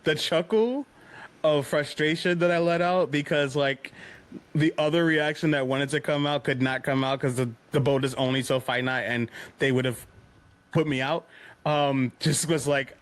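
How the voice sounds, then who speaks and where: A man's voice: on the high side, moderate pace. A young man guesting on a podcast, telling jokey stories with lots of laughter. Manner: animated storyteller, laughs often, jokey. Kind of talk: casual chat.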